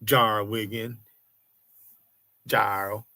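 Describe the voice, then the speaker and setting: Very slow and forceful, his lowish, bright voice barely shifts in pitch, with no echo. An American man in his sixties, he's cursing and confrontational in an angry livestream rant.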